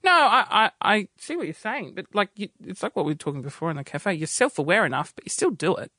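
A man with a high, feminine-sounding voice, a guest telling self-deprecating stories in a lively way. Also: quick pace, no room sound, clean studio sound. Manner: self-deprecating, animated storyteller. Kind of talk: casual chat.

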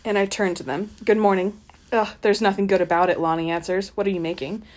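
A woman with a voice of ordinary pitch reads a racy novel aloud in a plain, steady way. She breaks off into sarcastic, laughing commentary on what she has just read. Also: fast. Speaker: podcast co-host reading a novel aloud. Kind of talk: reading aloud with mocking commentary.

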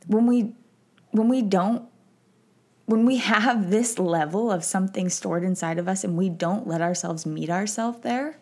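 A woman's voice: mid-range voice, a little mellow. A woman hosting a podcast, speaking in a personal, reflective way and getting teary and emotional as she talks. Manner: slow, emotional, tearful at times. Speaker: podcast host.

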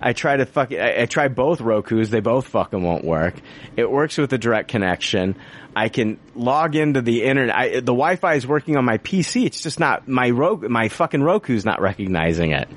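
Swearing, exasperated man ranting. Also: normal speed. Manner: heavy swearing, exasperated, lively pitch. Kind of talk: casual ranting story.

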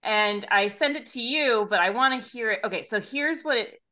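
A woman's voice: fairly high pitch, moderate pace, bright, forceful tone. A woman from the United States hosting a podcast in casual chat, self-mocking and laughing often. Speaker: podcast host.

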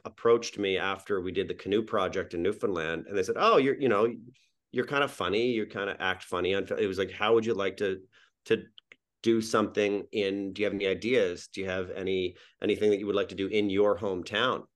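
A man from New Brunswick, Canada, a sitcom co-creator guesting on a casual podcast, rambling with frequent restarts and repeated words. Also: low voice. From Miramichi, New Brunswick, Canada.

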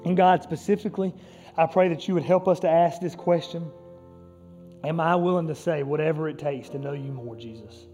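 Man, pastor, high voice, passionate sermon, soft music behind. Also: brisk. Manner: impassioned preaching, rising and falling intensity.

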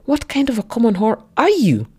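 A woman voicing a controlling, jealous man who speaks flat and cold, then bursts into shouts. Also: on the low side, normal speed, close to an everyday voice. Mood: shouting.

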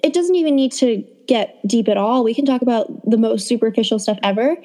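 A woman's voice: on the high side, a little fast, mellow. A woman co-hosting a podcast, teasing her friend with blunt, casual reactions. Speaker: podcast co-host. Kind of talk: casual chat.

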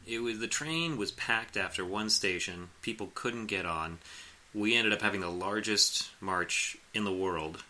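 Bright-voiced man in his late thirties. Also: fairly low pitch, unhurried. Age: late 30s. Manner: rambling, laughing often, acting out quotes. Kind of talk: casual chat, storytelling.

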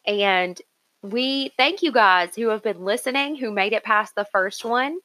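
A woman co-hosts a podcast in loose, casual chat. She talks in an excitable, chatty way and giggles often. Her voice is bright and forceful. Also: mid-range voice, unhurried, rough recording. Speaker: podcast co-host.

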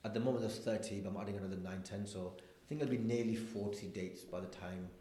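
A man, a stand-up comedian, chatting casually in an interview and acting out people in his anecdotes with animated delivery. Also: lowish voice, fast talker, echoey room, over a noisy crowd.

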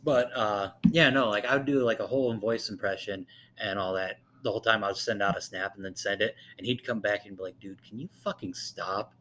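Rambling young man, lowish voice. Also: steady tone, brisk, fairly bright tone, slight background noise. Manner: rambling, profane, many fillers. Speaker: podcast co-host. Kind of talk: casual chat.

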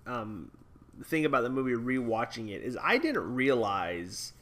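A man's voice: mid-range voice, lively intonation, unhurried, a bit bright. A man co-hosting a movie podcast, talking casually with lots of stammered restarts. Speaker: podcast co-host. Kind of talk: casual chat about a movie.

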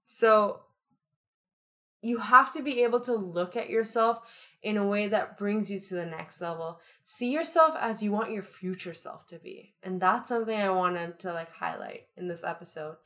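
A woman's voice: medium pitch, normal speed, a bit bright. A young woman co-hosting a podcast, talking in an upbeat, chatty, motivational way. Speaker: podcast co-host. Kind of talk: casual chat.

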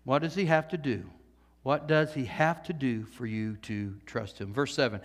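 High-voiced male pastor preaching in a sanctuary with long reverb. Animated, jokey, moves from loud to hushed. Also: normal speed. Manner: jokey asides to the congregation. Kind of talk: sermon. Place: church sanctuary.

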